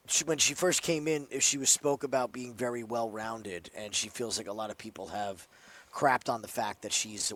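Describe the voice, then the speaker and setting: A man's voice: mid-range voice, a bit bright. Man trading casual fight-betting picks. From New Jersey. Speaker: sports betting analyst. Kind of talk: casual podcast chat.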